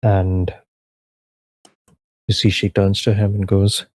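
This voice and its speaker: A young man narrating a tabletop game as game master, descriptive and halting with many fillers. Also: fairly low pitch, monotone, a little mellow, slightly rough, no echo.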